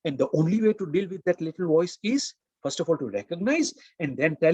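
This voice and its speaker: A man's voice: fairly high pitch, animated, a little fast, hardly any pauses, darkish tone, slightly rough, no room sound. A man hosting a motivational webinar, speaking earnestly, repeating words and asking the audience questions. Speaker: webinar host and coach.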